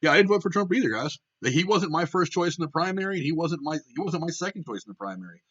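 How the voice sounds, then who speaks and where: A man's voice: on the high side, lively intonation, quick pace, fairly bright tone, muffled recording. A young man hosting his own show, ranting bluntly with heavy swearing and frequent restarts. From Ohio. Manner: blunt, profane, heated. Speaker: political commentary host. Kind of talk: casual opinion rant.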